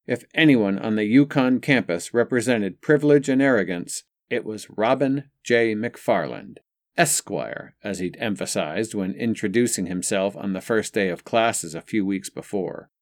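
A man narrating an audiobook in a steady, even reading style. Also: lowish voice, a little slow, no echo, studio quality.

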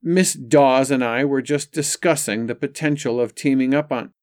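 A man's voice: mid-range voice, moderate pace, darkish tone, no room sound, clean studio sound, voice pushed up, lightly acted. A man voicing an arrogant, privileged young male student who speaks in a sneering, mocking way in an audiobook. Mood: smug.

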